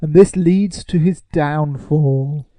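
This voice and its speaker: A man's voice: fairly high pitch, takes it slowly, dark tone, no echo. A man co-hosting a casual podcast, sarcastic and mock-indignant. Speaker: podcast co-host.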